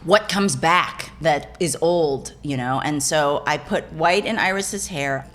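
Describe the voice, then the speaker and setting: Low-voiced woman telling rambling stories. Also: slow, fairly bright tone. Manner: rambling, self-correcting, laughing storyteller. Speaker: actor guest. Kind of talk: casual interview chat.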